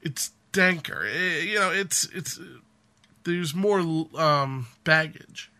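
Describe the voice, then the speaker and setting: Chatty, fairly high-voiced man hosting. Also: slow, pushed and bright. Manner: rambling, chatty, trailing off. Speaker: podcast host. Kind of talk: casual chat.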